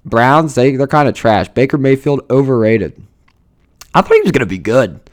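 A man's voice: mid-range voice, very animated, moderate pace. A young man, ranting casually and profanely, full of fillers and rambling asides. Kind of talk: casual rant.

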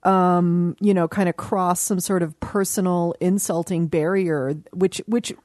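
A woman's voice: fairly low pitch, steady tone, measured pace, a little mellow, no echo, studio quality. A woman hosting an interview, thoughtful and supportive, often chiming in to agree. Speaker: interviewer host. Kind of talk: casual interview chat.

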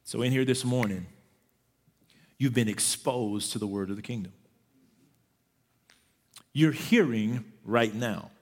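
A man's voice: medium pitch, takes it slowly, long pauses. A man preaching a sermon as pastor, pressing his congregation to keep going, and now and then mimicking whiny excuses. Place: church sanctuary. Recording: long church reverb.

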